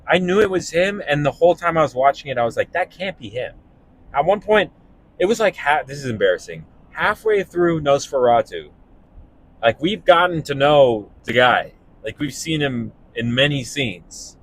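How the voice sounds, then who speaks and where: A young man, a stand-up comedian, talking casually and animatedly while driving, breaking into laughs and quick voices. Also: fairly high pitch, a little hiss or hum. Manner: animated, laughing, jumping into impressions. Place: car.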